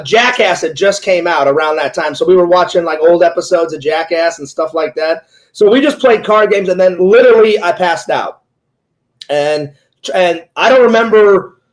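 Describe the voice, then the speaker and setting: High-voiced man in his forties, rambling. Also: low-quality recording. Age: 40s. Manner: rambling retelling full of "he goes" quotes. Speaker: interviewer and streamer. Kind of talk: casual storytelling in an interview.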